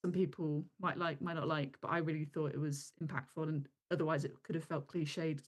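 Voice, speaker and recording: A woman reviewing films as a guest in a casual chat, measured and full of fillers and hedging phrases. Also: sits low, fairly even intonation.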